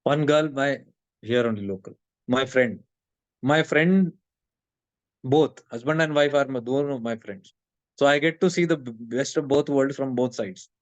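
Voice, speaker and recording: A middle-aged man with an Indian accent gives a spiritual talk to an online audience. He tells stories in a lively way, acts out the voices of his friends, and slips Hindi into his English. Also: medium pitch, a little fast, no echo. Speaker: spiritual teacher.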